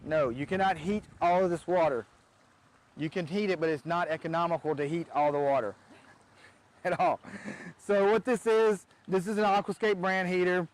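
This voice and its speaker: A man's voice: sits high, rough recording. A man who runs a pond business giving a casual how-to demonstration outdoors beside a backyard pond, chatty and often restarting his sentences.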